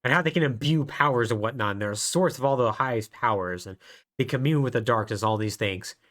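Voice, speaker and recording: A man's voice: medium pitch, fairly quick. A man co-hosting a podcast, casually retelling a story with jokes and laughs. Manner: animated storytelling, laughing at his own jokes. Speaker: podcast co-host. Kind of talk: casual chat.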